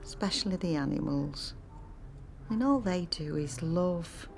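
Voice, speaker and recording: A talkative woman in her sixties, stuck on hold on the phone. She rambles on with a dry, wry humour, and her voice sits a little on the low side. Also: a little slow, vocal fry, music in the background. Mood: wry musing. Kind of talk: film monologue acting.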